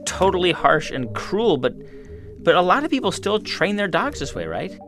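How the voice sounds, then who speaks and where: A man's voice: high-pitched, very animated, moderate pace, fairly bright tone, faint music behind. A man hosting a radio show, asking questions in a curious, conversational way. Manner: inquisitive, conversational. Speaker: radio host. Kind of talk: radio interview and narration.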